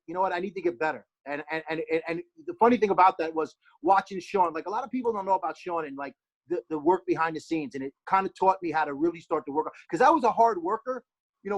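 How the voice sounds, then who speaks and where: A man's voice: sits high, expressive, fast, low-quality recording. A man in his forties with a New Jersey accent, guest-hosting a podcast and telling brash, rambling stories. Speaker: guest host. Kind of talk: casual podcast chat.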